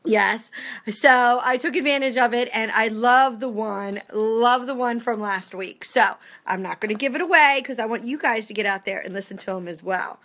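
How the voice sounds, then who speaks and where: An upbeat woman in her thirties with a high voice talks through tips for her sales team from home. She keeps it chatty and casual and tags her points with quick "okay?" and "right?" check-ins. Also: fairly bright tone. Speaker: direct sales team director. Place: home with family nearby.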